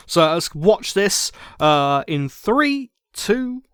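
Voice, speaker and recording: Man, reaction host, excitable, smooth clear voice, dry close sound. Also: on the high side, normal speed, hardly any pauses, dry recording. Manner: excitable, laughs and swears freely. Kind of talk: casual blind-reaction commentary.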